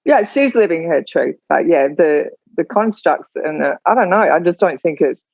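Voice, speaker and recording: A woman's voice: deep voice, lively intonation, normal speed, gravelly, a little mellow, no room sound. A woman talking in a casual chat, stumbling over false starts while she argues her side. Her voice sounds dry and close with no room around it, and it comes through a little dull and muffled. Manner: hesitant, restarts, challenges the other speakers.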